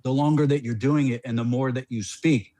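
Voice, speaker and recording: A middle-aged man, a former player as podcast guest, telling a story in a rambling, animated way with many restarts. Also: mid-range voice, a little fast, dry recording.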